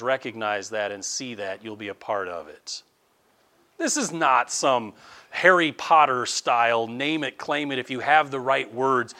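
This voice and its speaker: A middle-aged man, a pastor, preaching an impassioned sermon that swings from loud emphatic outbursts to quiet asides. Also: medium pitch, a little slow. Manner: closes in prayer.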